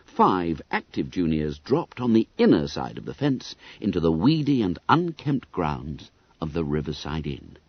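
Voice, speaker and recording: A man narrating an audiobook in an expressive, lively storytelling manner. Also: low voice, a little slow, husky, dry recording. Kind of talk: scripted narration. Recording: dull, dry audiobook recording.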